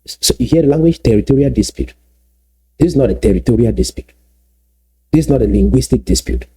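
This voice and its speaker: An emphatic man speaking straight to his viewers in a solo commentary video. His voice is dark and husky, and he drives each point home by repeating key phrases slowly. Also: mid-range voice, lively intonation. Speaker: political commentator.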